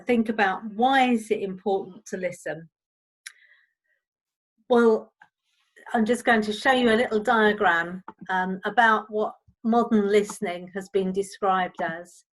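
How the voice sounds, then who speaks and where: A woman, a counsellor, presenting a recorded teaching seminar on listening in a clear, steady way. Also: mid-range voice, measured pace, rough recording.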